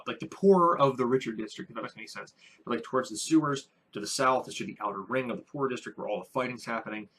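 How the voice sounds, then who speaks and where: Husky low-voiced man recapping his game. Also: fairly bright tone. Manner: rambling, many fillers and restarts. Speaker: first-time dungeon master. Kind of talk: casual vlog recap of a tabletop game.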